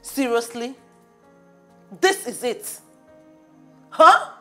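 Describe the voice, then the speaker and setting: An indignant, scolding friend. Her voice is high, and her pitch swings in lively jumps. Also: extremely slow, soft background music, full character voice. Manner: scolding, incredulous.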